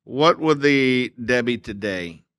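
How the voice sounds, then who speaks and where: A man's voice: medium pitch, animated, slow, a bit bright. A man hosting a podcast interview, listening closely and adding frequent short affirmations. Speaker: podcast host.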